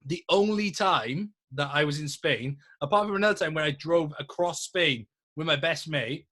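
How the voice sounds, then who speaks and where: A young man with a bright, forceful tone, telling tales with loud banter and swearing. His pitch sits somewhat high for a man, and he talks in an easy, boastful podcast style. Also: moderate pace. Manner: boisterous, swearing, bragging banter. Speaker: podcast co-host. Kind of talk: casual chat.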